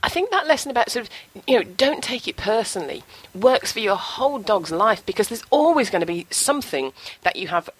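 A woman's voice: a little high, very animated, brisk, husky, poor audio. A woman podcast host in casual interview chat, reflective and affirming.

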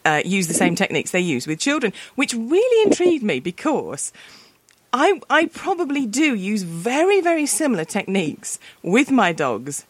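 A woman's voice: fairly high pitch, huge pitch swings, moderate pace, slightly rough, no echo. Chatty British woman interviewer. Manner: chatty, self-deprecating, mimics voices in stories. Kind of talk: conversational interview.

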